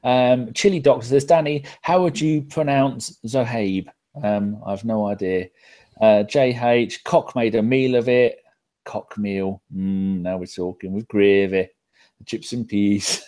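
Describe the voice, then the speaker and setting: A man's voice: lowish voice, unhurried, mellow. A man hosting a live podcast, reading out viewer comments in a loose, casual way and swearing freely. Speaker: podcast host reading chat. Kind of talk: casual live-stream chat.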